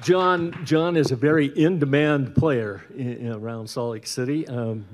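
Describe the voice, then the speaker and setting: Middle-aged man, bandleader, casual concert banter, rambling, lots of filler pauses, medium pitch. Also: a little hiss or hum. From Utah, USA. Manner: easygoing and rambling, with many "uh"s and restarts. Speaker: bandleader and guitarist. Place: indoor concert stage.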